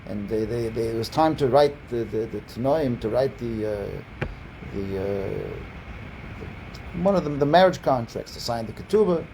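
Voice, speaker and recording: A man's voice: mid-range voice, a little mellow, a little hiss or hum, poor audio. A man teaching as a rabbi over a video call, telling a story in a rambling way, repeating words and restarting often. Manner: lifts his voice when quoting people. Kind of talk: storytelling lesson. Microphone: online video call.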